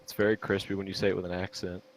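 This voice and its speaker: A man's voice: low voice, little pitch movement, very fast, over music, rough recording. A man in a casual gaming chat, tossing out dry, sarcastic quips.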